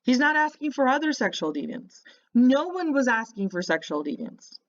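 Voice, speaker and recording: A woman with a fairly high voice talks back at a clip in a reaction video. She mocks and insults with biting sarcasm. The recording sounds dull and lo-fi. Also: big pitch swings, normal speed. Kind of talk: reaction commentary.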